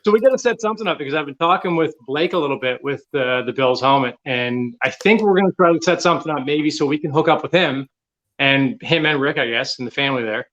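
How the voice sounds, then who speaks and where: A man's voice: fairly high pitch, quick pace, a bit bright, lo-fi sound. A man from Canada, a fan club member guesting on a live show, eager and laughing along. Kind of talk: casual live-show chat.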